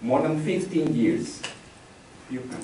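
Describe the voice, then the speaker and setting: A man's voice: mid-range voice, slow pace, dark tone. A man leading a live technical training session, talking conversationally, repeating key phrases and polling the audience. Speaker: instructor. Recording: very echoey room from far off, faint noise.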